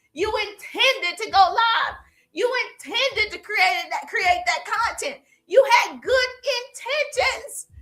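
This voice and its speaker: A high-pitched woman with a Southern accent coaches her live-stream audience, pushing them with repeated punchy phrases. Her voice is bright and forceful, and she talks straight to the viewers like a hype coach. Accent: Southern American. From American South. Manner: energetic, exhorting, repeats phrases, addresses viewers directly. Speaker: business coach. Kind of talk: live-stream motivational talk.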